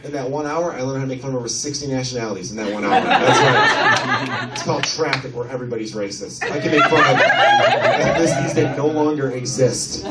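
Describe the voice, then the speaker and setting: A man from Chicago doing a brash, profane stand-up comedy set on a comedy club stage, with lively storytelling. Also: mid-range voice, fairly quick, distant mic, heavy background noise. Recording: echoey club recorded from afar. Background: audience laughter.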